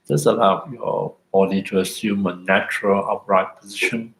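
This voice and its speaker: A man giving an unhurried, reflective dharma talk as a meditation teacher, often ending thoughts with "isn't it" or "no", then leading a guided meditation. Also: low-pitched, fairly even intonation, fairly bright tone, reverberant, rough recording.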